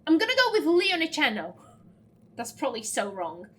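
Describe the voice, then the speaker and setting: Lively high-voiced woman gaming. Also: moderate pace. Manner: chatty and giggly, stumbling over foreign words. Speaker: let's play host. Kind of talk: blind let's play commentary, reading game dialogue aloud.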